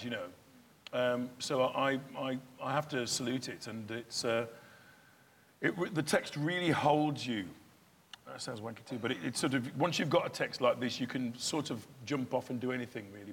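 A man's voice: mid-range voice, moderate pace, fairly bright tone, slight background noise. A male stage actor talking in an interview, chatty and self-deprecating, often restarting his sentences. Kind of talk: interview chat.

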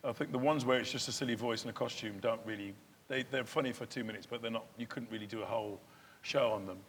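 A man's voice: medium pitch, fast, slight background noise. A middle-aged man, a comedian and actor, chatting casually on stage at a live theatre event and sometimes breaking into playful recitation.

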